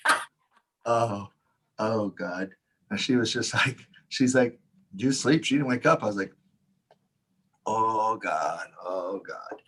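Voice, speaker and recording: A man with a slightly low, husky voice spins a loose, profane story in casual conversation. He acts out the voices of the people in it and laughs his way through the telling. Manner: animated anecdote, acts out quotes, laughs often, swears. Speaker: Taoist teacher, podcast co-host.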